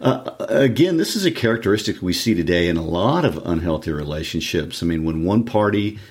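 A man co-hosting a casual book discussion, measured and reflective, with frequent uhs. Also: low voice, lively intonation. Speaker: book podcast co-host.

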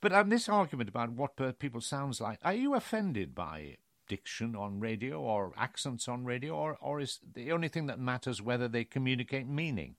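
A man's voice: medium pitch, big pitch swings, normal speed, few pauses, fairly bright tone, no room sound. An older man hosting a radio interview, asking probing questions in a jovial, conversational manner.

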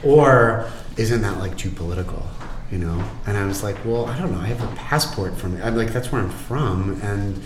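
A man's voice: fairly low pitch, normal speed, reverberant, background noise. Blunt, swearing American man. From United States. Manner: blunt, swears freely, animated. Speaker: chef and restaurateur. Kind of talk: casual conversation.

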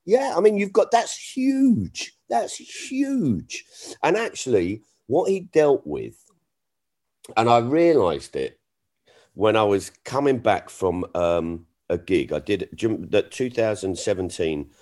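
A middle-aged comedian guest speaks with a fairly low pitch at a measured pace. Chatting casually, he tells stories animatedly, restarting often and acting out the exchanges he quotes.

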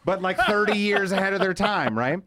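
Against a noisy background, a man with a high-pitched voice talks a little fast as a podcast co-host. His casual storytelling is animated and profane, crowded with "like" and "man."

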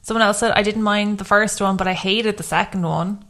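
A woman's voice: mid-range voice, steady tone, a little fast, fairly bright tone. Chatty woman podcast host. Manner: chatty, rambling with many fillers. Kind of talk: casual chat.

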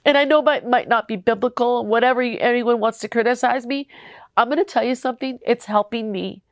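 A woman's voice: fairly high pitch, a little fast, no room sound. Tearful earnest woman, close dry sound. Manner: emotional, tearful and earnest, speaking straight to the listener. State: crying at times. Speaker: podcast host. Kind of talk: heartfelt faith podcast talk.

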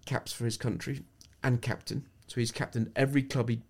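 A man's voice: mid-range voice, level tone, fairly quick, gravelly, slightly rough. Middle-aged english guy, podcast guest, thoughtful, lots of stories and restarts. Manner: reflective, anecdotal, with many restarts. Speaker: sports psychologist guest. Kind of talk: podcast interview storytelling.

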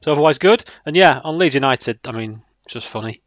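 A man's voice: medium pitch, animated, fast talker, dry recording, lo-fi sound. A man co-hosting a casual football podcast, talking in a hesitant way with many fillers. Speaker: podcast co-host.

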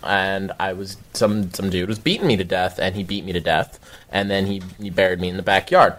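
Animated, foul-mouthed young man telling a story. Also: deep voice, brisk. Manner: animated, swears a lot, shouts quoted outbursts. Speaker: guest storyteller. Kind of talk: casual storytelling.

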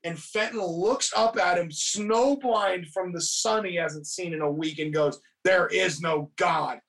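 A man's voice: high-pitched, measured pace, rough recording. A man on a podcast retelling a film plot in casual chat, swearing heavily and telling it with animation. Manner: heavy swearing, animated storytelling.

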